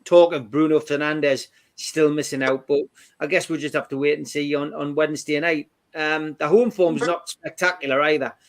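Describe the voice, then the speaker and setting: A man's voice: fairly high pitch, fairly even intonation, moderate pace. A man hosting a fan football podcast, reading match stats with frequent fillers. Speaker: podcast host.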